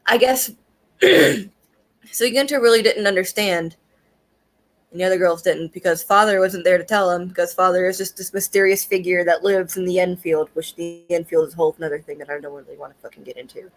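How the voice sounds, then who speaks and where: A woman's voice: lowish voice, fairly quick. Chatty, profane young woman reviewer. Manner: chatty and profane, with frequent fillers and laughs. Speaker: anime reviewer. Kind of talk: casual spoken review.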